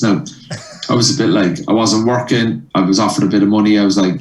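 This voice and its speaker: Low-voiced comedian guy spinning a yarn, roomy sound, a bit off mic. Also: fast, far from the mic. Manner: animated storyteller, acts out dialogue. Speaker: comedian guest. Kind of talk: telling a story in a casual interview.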